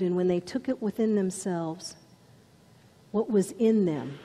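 A woman's voice: on the low side, measured pace, warm tone, in a large hall, a little hiss or hum. A woman preaching a sermon with dramatic storytelling, dropping to whispers for emphasis. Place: church.

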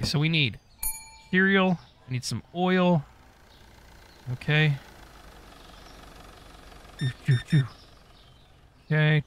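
A man's voice: a little high, a bit bright, a little hiss or hum. A man giving casual gameplay commentary, muttering to himself as he goes and swearing often. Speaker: gaming YouTuber.

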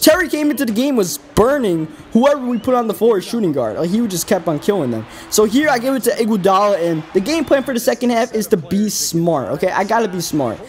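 A man's voice: sits high, sing-song, brisk, hardly any pauses, darkish tone. A man hosting a gaming video, giving casual, rambling play-by-play commentary with an exasperated, self-critical tone.

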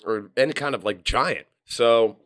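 A man's voice: medium pitch, a little slow, fairly bright tone. A man, hosting a podcast and telling stories in casual chat, acting out quotes in shifting voices. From Philadelphia area. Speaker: podcast host.

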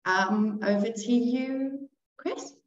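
Slow-spoken woman from Zimbabwe, echoey. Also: fairly high pitch. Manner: slow and measured, giggly. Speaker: financial adviser, co-presenter. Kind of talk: online webinar presentation. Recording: echoey, dull lo-fi room.

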